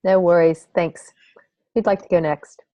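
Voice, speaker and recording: Woman facilitator, brief and encouraging, lowish voice, video call. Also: fairly even intonation, a little slow, dull audio. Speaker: meeting facilitator. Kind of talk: running a meeting check-in.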